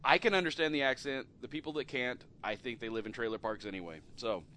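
A middle-aged man hosting a relaxed podcast conversation. His voice sits at an ordinary middle pitch, and he rambles in a friendly way, laughing often and letting his sentences fade out at the end. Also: fast. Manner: chatty, laughs often, trails off at the ends of sentences. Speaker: podcast host. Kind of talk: casual chat.

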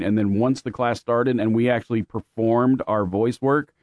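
A man from Louisiana and Oklahoma telling stories in a relaxed, rambling way, laughing often between thoughts. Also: mid-range voice, normal speed, dry recording. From born in Louisiana, raised mostly in Oklahoma. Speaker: guest with radio and theater background. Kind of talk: casual chat.

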